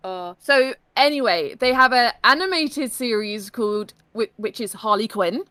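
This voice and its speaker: A woman's voice: fairly high pitch, animated, pushed and bright, smooth, no room sound. A woman co-hosting a casual livestream, teasing back and laughing often. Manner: teasing, laughing, quick retorts. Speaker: co-host.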